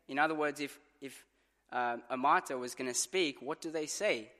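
Male preacher, bright and forceful, storytelling sermon, long church reverb. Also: mid-range voice, normal speed. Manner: earnest storytelling with dramatized quotes. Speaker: pastor.

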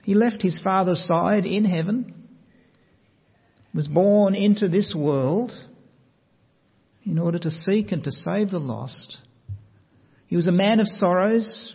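A man preaching a sermon, measured and emphatic, slowing down to stress key words. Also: on the high side, husky. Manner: measured, emphatic delivery with slow stressed phrases. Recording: long reverb, dull lo-fi sound.

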